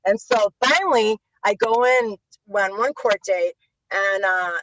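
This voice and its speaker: A woman guest on an interview, telling stories in a casual, animated way and acting out quotes with lots of swearing. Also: medium pitch, measured pace, no room sound. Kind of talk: casual storytelling. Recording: dull lo-fi sound.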